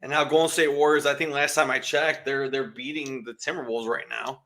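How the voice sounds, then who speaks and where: A man's voice: medium pitch, steady tone, fairly quick, pushed and bright, slight background noise. A man co-hosting a casual sports podcast, rambling and restarting his sentences as he talks. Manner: rambling, stumbles over names and restarts. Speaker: podcast co-host.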